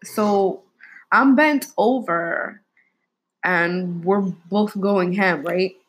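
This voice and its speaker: Candid young woman, husky voice. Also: mid-range voice, very slow, fairly bright tone, low-quality recording. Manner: candid, storytelling, swears freely. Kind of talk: casual chat.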